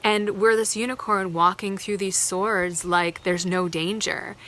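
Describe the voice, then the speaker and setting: A woman's voice: lowish voice, steady tone, a little slow, a bit bright. A woman hosting a live tarot card reading, speaking earnestly and emotionally, thinking aloud with fillers.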